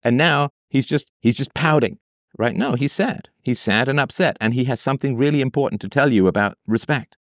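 A man's voice: medium pitch, a little fast, no echo, clean studio sound. Sarcastic man ranting dryly. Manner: sarcastic, emphatic, repeats phrases for effect. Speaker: commentator reading and reacting to a text. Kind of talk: reading aloud and ranting commentary.

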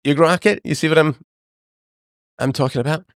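A middle-aged man hosting a livestream, talking to his chat in a sarcastic, animated monologue. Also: moderate pace, dry recording, studio quality. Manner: animated, sarcastic, mimics others in higher voices. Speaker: livestream host. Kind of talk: casual monologue to live chat.

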